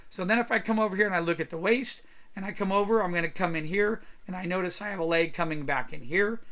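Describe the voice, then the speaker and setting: A man teaching a drawing lesson, talking casually through a screen-recorded demo and tossing in words like "boom" and "right?". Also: bright, forceful tone. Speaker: drawing instructor. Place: at his computer.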